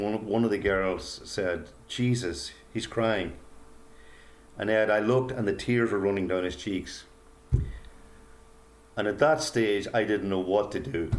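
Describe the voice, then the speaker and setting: An older man, a guest author, telling a personal story in an earnest, halting way with many pauses and fillers. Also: fairly low pitch. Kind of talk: reflective storytelling interview.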